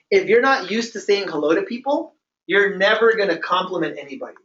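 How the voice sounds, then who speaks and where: A man's voice: sits high, animated, fairly quick, a bit bright. A man running a training session for a group, explaining plans in a repetitive, emphatic way and checking in with "okay?" often. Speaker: business trainer. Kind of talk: motivational training talk to a group. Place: meeting room with a live audience. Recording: roomy, distant, dull sound.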